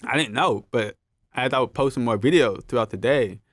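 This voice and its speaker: A man's voice: mid-range voice, a little fast, no room sound. Laid-back young man, dry close sound. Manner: laid-back, laughs often, quotes others in animated voices. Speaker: podcast guest. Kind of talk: casual storytelling.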